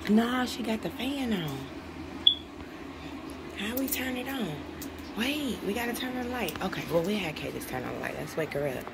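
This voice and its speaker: A woman's voice: mid-range voice, lively intonation, moderate pace, creaky, pauses often, heavy background noise. A young woman, a mother, chatting casually to her camera in a family vlog and often saying "you guys" and "y'all". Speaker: vlogger, working mom of three.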